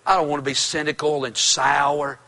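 A man preaching a sermon, fervent and folksy, often shouting. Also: on the high side, level tone, moderate pace. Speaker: pastor.

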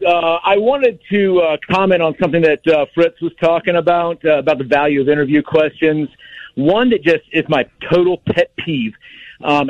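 A man's voice: on the high side, no room sound, highs cut off. A man calling in to a radio show, rambling with fillers as he makes his point. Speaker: caller. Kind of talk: casual call-in chat. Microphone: phone line.

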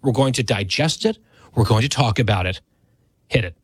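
A man's voice: mid-range voice, normal speed, husky, dry recording. A man in his thirties hosting a radio talk show, speaking in a conversational, self-deprecating way.

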